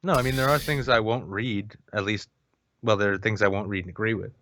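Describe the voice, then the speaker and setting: A man's voice: fairly low pitch, steady tone, brisk, fairly bright tone, slight background noise. A man co-hosting a podcast, talking in a dry, sardonic way with swearing. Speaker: podcast co-host. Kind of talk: sardonic casual chat. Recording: dry, dull lo-fi mic.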